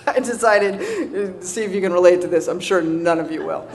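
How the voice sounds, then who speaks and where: A woman giving a humorous recovery talk to an audience, animated and self-mocking, laughing often and checking in with "right?". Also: on the low side, measured pace, slight background noise. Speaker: speaker sharing a recovery story.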